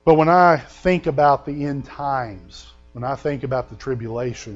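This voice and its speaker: A man preaching a sermon, telling stories and reading scripture with loud emphasis. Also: medium pitch, normal speed, hardly any pauses, lo-fi sound, soft background music. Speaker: pastor.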